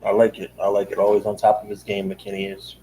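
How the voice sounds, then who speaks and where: A man co-hosting a wrestling podcast, chatting in a relaxed way and answering with short affirmations. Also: lowish voice, fast, low-quality recording. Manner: laid-back, short affirmations. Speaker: podcast co-host. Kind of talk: casual live-stream chat.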